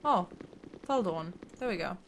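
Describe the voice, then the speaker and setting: A woman's voice: fairly low pitch, lively intonation, a little slow, a little hiss or hum. A woman playing a fantasy role-playing game, chatting casually and reading its dialogue aloud. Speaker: gameplay streamer.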